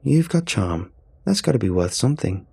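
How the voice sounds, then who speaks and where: A man's voice: mid-range voice, lively intonation, moderate pace, creaky, a little mellow, husky, full character voice. A man voicing a playful, flirty woman on a mission team radio, speaking with a smile in her voice.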